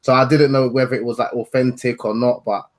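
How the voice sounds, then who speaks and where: Fast-talking man from West Africa. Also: mid-range voice, fairly even intonation. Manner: fast, earnest, adds asides and self-corrections. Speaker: author, interview guest. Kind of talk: casual conversation.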